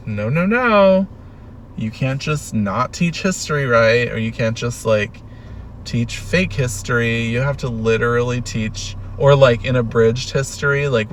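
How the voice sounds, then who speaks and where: A man's voice: medium pitch, far from the mic, a little hiss or hum. A man hosting a podcast in casual solo chat, rambling and sarcastic with plenty of swearing, a little sick with a tickle in his throat. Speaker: podcast host.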